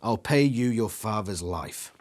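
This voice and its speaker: A taunting, cruel male alien with a scorpion-like tail speaks in a low, smooth, mocking voice, as a man reading a gamebook aloud puts him on. His menace is calm and playful rather than loud, and he sounds amused by the threat he makes. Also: a little slow, a little hiss or hum. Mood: menacing.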